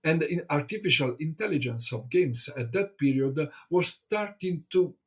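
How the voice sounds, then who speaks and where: A man from Italy, an English speaker, chats as a guest in a hesitant, halting way, full of fillers and restarts. His voice is husky and a little breathy. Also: on the high side, lively intonation. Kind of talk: casual conversation.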